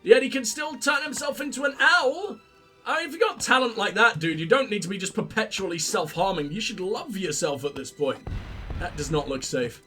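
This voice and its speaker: A man hosting a let's play and commenting on the game in a sarcastic, sweary, excitable way. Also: high-pitched, brisk, faint music behind. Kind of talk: gameplay commentary.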